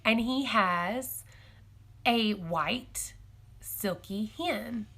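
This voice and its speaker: Bright, chatty woman homesteader live-streaming. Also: mid-range voice, extremely slow. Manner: chatty and excitable, laughs often; rambling, self-correcting, thinking aloud. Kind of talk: casual live-stream chat with viewers.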